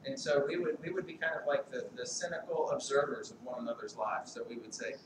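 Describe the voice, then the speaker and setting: A middle-aged man giving a memorial speech as a family friend, halting and rambling with light humor and many fillers. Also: mid-range voice. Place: large hall at a memorial service. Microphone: distant mic. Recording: echoey hall, distant mic, background noise.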